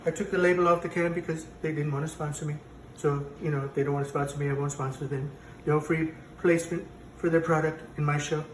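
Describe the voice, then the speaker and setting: A man's voice: a little high, level tone, fast, few pauses, a little hiss or hum, lightly acted. A man playing a boastful, rambling president who hosts a cooking show in a comic parody, talking in a kitchen. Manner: bragging, rambling, self-contradicting. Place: home kitchen. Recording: echoey kitchen, mic from a distance.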